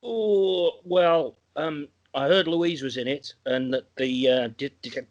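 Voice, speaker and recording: A man's voice: fairly high pitch, takes it slowly, dry recording, muffled recording. An older man, a longtime stage actor, joking on a video call. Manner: jokey, theatrical. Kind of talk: casual video call chat.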